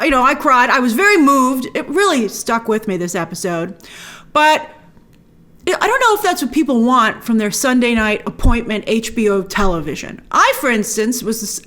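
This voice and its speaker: A high-pitched woman talks through a TV series review in a casual, chatty way. Her pitch swoops up and down constantly, and she keeps slipping into playful little asides as she goes. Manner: animated, chatty, acts out quick asides in her own voice.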